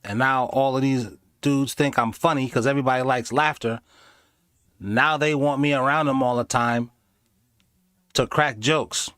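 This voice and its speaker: A man doing casual live commentary on videos, animated and sarcastic, slipping into mocking voices. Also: mid-range voice, measured pace, smooth, no room sound, studio quality. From inner city. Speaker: streamer reacting to videos.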